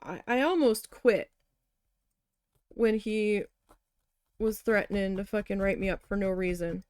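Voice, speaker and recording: Her mid-range, slightly mellow voice moves a little slowly as this crafting vlogger needle felts and chats, telling blunt stories laced with heavy profanity. The studio-quality audio has no room sound.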